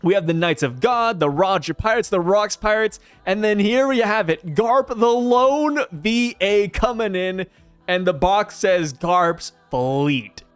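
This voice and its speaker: High-voiced, chatty male manga reviewer. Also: a little slow, smooth, no room sound, faint music behind. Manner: excitable, chatty, lots of fillers and acted-out quotes. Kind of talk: casual commentary.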